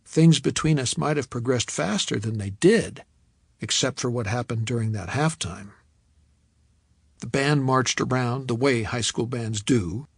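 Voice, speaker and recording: A man reading a novel aloud in the first person, telling the story in a measured, reflective way. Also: mid-range voice, no room sound, clean studio sound. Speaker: audiobook narrator. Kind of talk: first-person audiobook narration.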